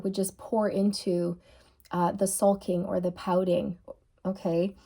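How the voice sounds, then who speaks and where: A woman giving a channeled tarot reading to her viewers, musing softly and repeating key phrases. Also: mid-range voice, little pitch movement, a little slow, slightly rough. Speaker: tarot reader.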